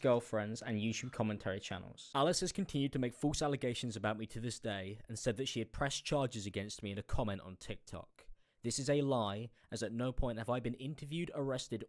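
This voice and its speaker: A man narrating a prepared statement in a flat, measured, formal tone. His voice sits in a middle pitch and he reads every line evenly. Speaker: video narrator. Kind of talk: scripted narration of a defence statement.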